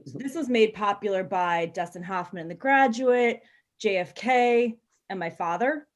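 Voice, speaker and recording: A woman's voice: mid-range voice, moderate pace. A woman in her thirties doing a frank, bawdy stand-up set, telling stories with lots of ums and little laughs. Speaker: stand-up comedian. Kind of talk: stand-up set on a live video call.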